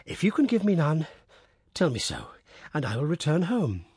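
A man's voice: a little high, wildly swooping pitch, normal speed, a little mellow, husky, no echo, clean studio sound, heavily acted. A man voicing an earnest king who presses his questions in a storybook reading. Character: earnest male king seeking answers.

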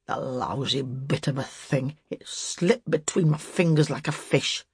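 A woman's voice: a bass voice, measured pace, husky, no room sound, studio quality, heavily acted. A woman voicing an old male miner, drunk and going to pieces, who speaks loosely and slurs his words. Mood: protesting. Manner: loose, slurred speech.

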